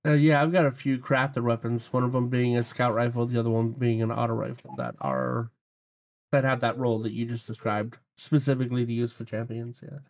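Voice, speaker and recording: A man's voice: medium pitch, a little fast. A man hosting a casual gaming podcast, easygoing, laughing often and stumbling over odd weapon names. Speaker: podcast host.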